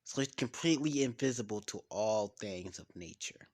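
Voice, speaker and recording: A man's voice: on the low side, expressive, moderate pace, a little mellow. A man casually making up a story as he goes, rambling, swearing and losing track of names.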